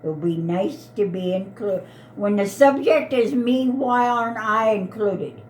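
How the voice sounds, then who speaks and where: An elderly mother in her eighties argues heatedly with family, upset and pleading and repeating herself. Her voice is medium-pitched, unhurried, and darkish in tone, with slight background noise.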